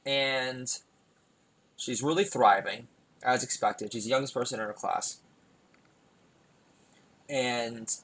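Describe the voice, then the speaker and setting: A podcast host with a mid-range voice rambles through a comic monologue, the audio poor. He's self-deprecating, drifts into digressions, and keeps erupting into loud, emphatic bursts.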